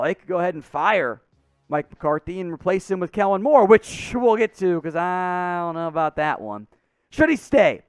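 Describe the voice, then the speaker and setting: A man hosting a sports show, ranting in frustration, his voice going hoarse. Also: sits high, no echo. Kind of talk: fired-up sports commentary.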